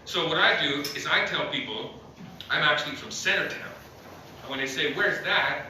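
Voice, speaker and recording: A man doing stand-up in a club, rambling through deadpan jokes with plenty of ums and little chuckles. His voice is bright, slightly high and very sharp. The mic sits some way off, so the sound is roomy and echoey, with a faint hiss underneath. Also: moderate pace. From Ottawa, Canada. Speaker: stand-up comedian. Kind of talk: stand-up comedy set. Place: comedy club. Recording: echoey club heard from a distance.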